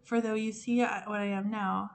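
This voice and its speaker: Casting: a vain, endlessly chattering old fairy princess, put on by a woman reading, voiced a touch higher and brighter, breathless with talk. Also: little pitch movement, normal speed, creaky, close to an everyday voice. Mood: chatty.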